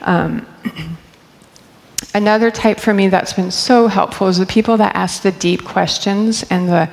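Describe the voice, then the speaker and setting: A woman's voice: mid-range voice, fairly even intonation, unhurried, gravelly. A middle-aged woman on church staff telling personal stories in a candid, chatty way, laughing often. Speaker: church staff member speaking. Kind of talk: personal storytelling talk. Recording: long hall reverb.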